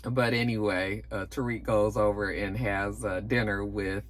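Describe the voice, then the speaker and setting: A woman casually recapping a TV episode, cursing and acting out the characters' lines. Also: a little slow. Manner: animated, profane, acts out characters' lines with big pitch jumps. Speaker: TV review vlogger.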